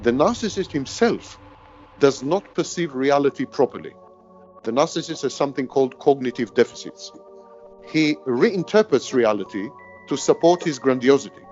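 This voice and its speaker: A man's voice: mid-range voice, expressive, normal speed, a little mellow, dull audio, faint music behind. A man explaining gaslighting in a grave, emphatic way, like an expert. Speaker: expert on narcissistic abuse. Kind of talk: explanatory commentary.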